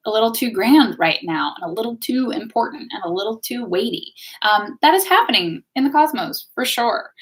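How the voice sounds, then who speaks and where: A woman hosts a spiritual live stream and talks casually to the people watching. Her tone is chatty and encouraging, like a teacher guiding a group. She keeps checking in with her audience as she goes. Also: medium pitch. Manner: chatty, warm-hearted, keeps checking in with viewers ("okay?", "right?"). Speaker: host of a live astrology and tarot stream.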